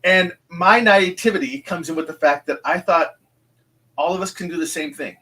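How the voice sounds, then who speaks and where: A man in his fifties with a slightly high voice, talking as an interview guest. He rambles through stories, stops and restarts, and fills pauses with ums. He acts out both sides of past conversations as he tells them. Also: pushed and bright, low-quality recording. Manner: rambling, re-enacts dialogue, many fillers and restarts. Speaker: guest, psychic medium. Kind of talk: casual interview storytelling.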